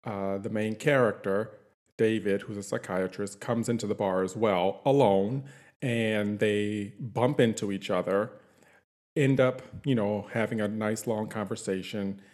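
A man's voice: on the low side, fairly even intonation, a little slow, a little mellow. A man chatting casually, recapping a TV series in a rambling, easygoing way with many fillers. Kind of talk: casual chat.

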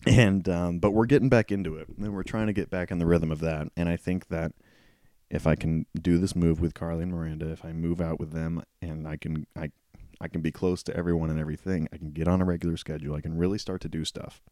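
A man's voice: low voice, flat delivery, fast, dark tone, no echo, clean studio sound. A man in his twenties hosting a casual solo podcast, rambling and self-mocking, swearing freely, with a cough and a voice that keeps cracking. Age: 20s. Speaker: podcast host.

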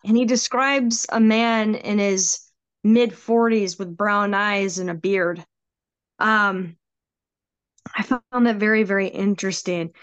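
A woman guest telling a personal ghost story in a casual, animated way. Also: mid-range voice, slow pace, clean tone, dull audio. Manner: animated, acts out quoted voices.

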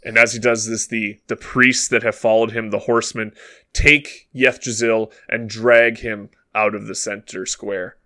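A man narrating a tabletop role-playing game as game master, relaxed and hesitant, with frequent fillers. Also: fairly low pitch, measured pace.

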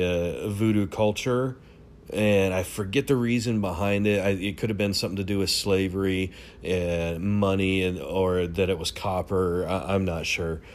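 Rambling man, lowish voice, casual home storyteller, animated bursts. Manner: rambling, many fillers and restarts; animated, swings up in excited bursts. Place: home room.

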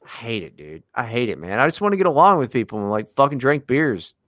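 A man's voice: medium pitch, sing-song, fast, fairly bright tone, dry recording, clean studio sound. A man co-hosting a podcast, ranting in a casual, profane and exasperated way. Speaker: podcast co-host.

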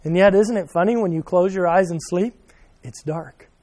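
Male pastor with a high voice, preaching with questions to the congregation, shifting between loud emphasis and soft asides. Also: normal speed. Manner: addresses listeners by name, asks questions; swings from loud emphasis to quiet, soft remarks. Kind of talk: sermon.

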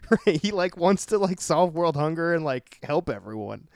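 Male co-host, smooth clear tone, dry sound, animated casual talk. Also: fairly high pitch, moderate pace, dry recording. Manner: animated, laughing, frequent "like". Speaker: podcast co-host. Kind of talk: casual chat.

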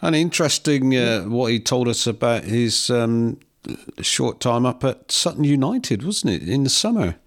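A man's voice: mid-range voice, big pitch swings, unhurried. A man co-hosting a casual football chat, mostly answering with short, reflective agreement. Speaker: podcast co-host.

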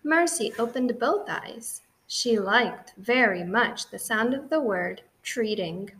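A woman narrating a children's audiobook in a gentle, clear and expressive way. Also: fairly high pitch, slow.

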